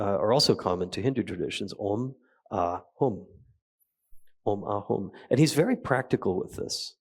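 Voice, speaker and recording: A man with a fairly low voice leads a meditation practice at a retreat. He talks slowly and gently, leaving soft pauses between phrases. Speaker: meditation teacher. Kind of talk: guided meditation talk. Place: retreat hall.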